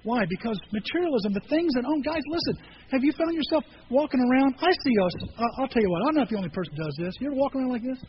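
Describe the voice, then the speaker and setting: A man's voice: very high voice, animated, fast, dull audio, slight background noise. A man preaching a sermon, telling a personal story in a conversational way and building to emphatic peaks. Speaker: pastor.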